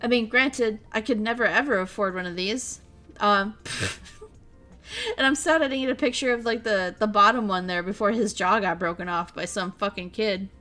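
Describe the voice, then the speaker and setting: A woman's voice: medium pitch, moderate pace, pushed and bright, faint music behind. A young woman from Minnesota, a streamer telling stories in casual chat, rambling and swearing freely. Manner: rambling, profane storytelling.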